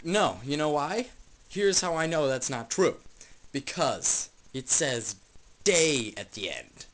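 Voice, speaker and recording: A young man ranting off the top of his head in a rambling, jokey way, swinging from mumbles to yells. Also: fairly high pitch, lively intonation, slow, rough recording. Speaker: vlogger. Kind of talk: improvised comic rant.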